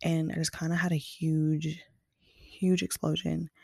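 Low, gravelly young woman telling her story. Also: flat delivery, measured pace, darkish tone, dry recording, clean studio sound. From Kansas City, US. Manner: chatty, frank, full of fillers like "like" and "you know". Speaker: vlogger. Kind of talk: casual storytelling to camera.

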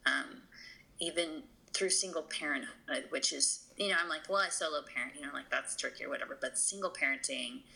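Woman interview guest, lowish gravelly voice, earnest and full of fillers. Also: a little fast, bright, forceful tone, rough recording. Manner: earnest, emotional, many fillers and restarts. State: tearful. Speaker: podcast guest. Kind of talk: conversational interview.

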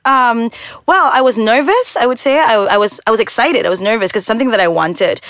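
A woman's voice: on the high side, animated, brisk, a bit bright, dry recording, clean studio sound. A woman co-hosting a frank chat, candid and playful with frequent laughs. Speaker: podcast co-host.

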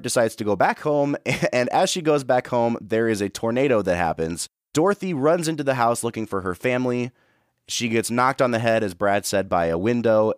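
A man's voice: fairly low pitch, dry recording, clean studio sound. A man co-hosting a film podcast, talking in an earnest, reflective way with frequent restarts. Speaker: podcast co-host. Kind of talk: casual film review chat.

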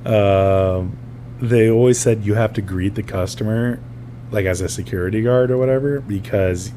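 A man's voice: lowish voice, warm tone, slight background noise. A man co-hosting a podcast in casual chat, laughing often and acting out voices as he tells stories. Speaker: podcast co-host.

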